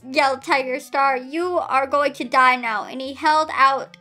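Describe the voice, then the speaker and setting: A woman's voice: sits high, a little slow, few pauses, bright, forceful tone, soft background music. A woman host reading a story aloud and breaking off with incredulous, laughing asides. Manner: incredulous, laughing asides between read lines.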